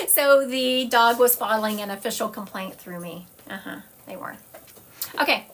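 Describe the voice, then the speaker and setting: A woman's voice: fairly high pitch, unhurried, creaky, long pauses, a bit bright, slight background noise. A woman psychic medium giving a live-stream reading at home, chatty and digressive, drifting into side stories.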